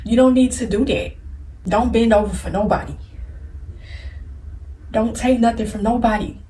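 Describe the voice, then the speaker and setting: A tearful woman with a slightly high, mellow voice gives blunt spiritual advice straight to her viewers at a moderate pace, in a preachy, repetitive way. The emotional direct-to-camera talk sounds roomy and distant from the mic, with slight background noise.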